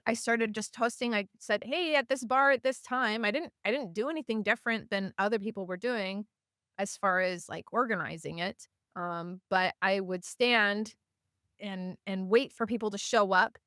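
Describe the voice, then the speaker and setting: A woman guest on a podcast, chatting casually and telling stories in an animated way, often with fillers. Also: mid-range voice, normal speed, no echo, studio quality. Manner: animated, acts out voices of people in her stories. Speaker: podcast guest, community organizer. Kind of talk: casual storytelling in conversation.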